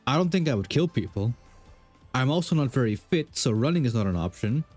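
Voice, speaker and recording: A man's voice: mid-range voice, animated, brisk, darkish tone, faint music behind. A young man streaming a game, casually rambling through questions with lots of fillers and self-deprecating asides. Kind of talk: casual chat while gaming.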